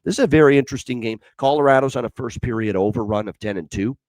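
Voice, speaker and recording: A man's voice: mid-range voice, fast, a little mellow, no echo. A man hosting a sports betting show, talking through picks with lots of fillers and repeated stats.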